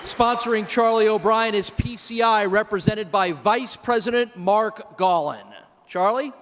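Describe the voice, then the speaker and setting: A man with a high voice emcees a banquet and briskly announces each inductee. His voice echoes through a large hall. Faint room noise sits behind him. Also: a bit bright, some chatter behind.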